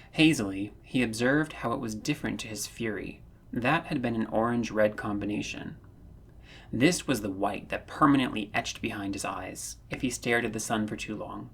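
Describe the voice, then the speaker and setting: A man narrating a fan-written story, reading in a measured, earnest way that rises when the tension builds. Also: fairly low pitch, a little hiss or hum. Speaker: audiobook narrator.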